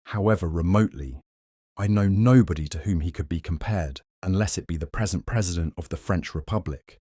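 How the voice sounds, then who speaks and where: A man narrating a classic short story aloud in a measured, even storytelling manner. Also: deep voice, dry recording, studio quality.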